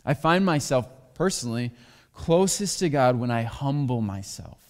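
A man's voice: medium pitch, sing-song, moderate pace, a little mellow. A man preaching a sermon as pastor, talking candidly and sharing personal stories. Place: church sanctuary. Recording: long hall reverb.

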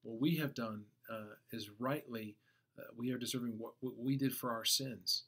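A man's voice: medium pitch, fairly even intonation, moderate pace, vocal fry, fairly bright tone. A man preaching as a pastor, reading scripture aloud and then explaining it earnestly, with some fillers and restarts. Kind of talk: sermon devotional reading.

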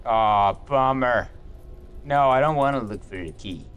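A man's voice: mid-range voice, unhurried, a bit bright, soft background music. A young man doing let's play commentary, goofy and joking, swearing as he plays. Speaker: gaming youtuber.

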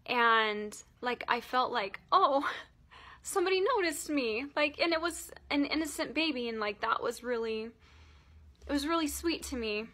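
A woman in her thirties telling a personal story in a vlog, emotional and halting, close to tears, with many fillers. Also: fairly high pitch, bright, forceful tone. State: tearful. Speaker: vlogger.

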